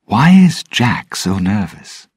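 A man's voice: on the low side, very animated, slow pace, a little mellow, breathy edge, no room sound, studio quality, voice pushed up, heavily acted. A man voicing an earnest, anxious young male sailor in a storybook reading, asking questions in a raised, worried tone. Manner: asking, nervous.

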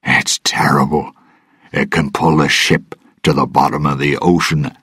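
A man voicing a fearful older male pirate in a storybook reading, speaking seriously and gravely. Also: very deep voice, slow pace, no room sound, clean studio sound, full character voice.

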